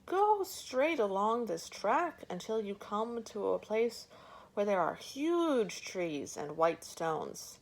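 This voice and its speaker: A woman's voice: mid-range voice, big pitch swings, slow, creaky, pitched above the performer's own voice, full character voice. A woman playing a lazy one-tusked elephant. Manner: lazy, evasive drawl.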